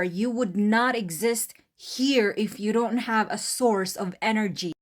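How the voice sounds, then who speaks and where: A woman with a thick Filipino accent talks to camera in a vlog. She is emphatic and unashamed, and she addresses the viewer head-on. Her pitch sits right in the ordinary middle range. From Philippines. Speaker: vlogger. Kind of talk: direct-to-camera vlog monologue.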